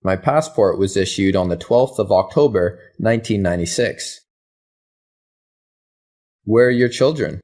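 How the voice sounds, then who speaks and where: Slow, husky man reading English drills. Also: lowish voice. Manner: reads both question and answer in even, careful drills. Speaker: English lesson reader. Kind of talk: slow scripted question-and-answer reading.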